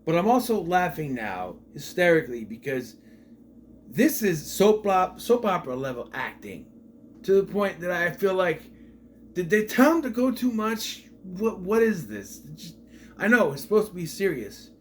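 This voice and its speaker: A man delivers a casual, off-the-cuff movie review in a slightly higher-than-usual voice. His pitch leaps around expressively as he recounts scenes in disbelief, peppering the retelling with rhetorical questions. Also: moderate pace, slight background noise. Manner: animated, incredulous retelling with frequent rhetorical questions. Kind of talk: casual spoken film review.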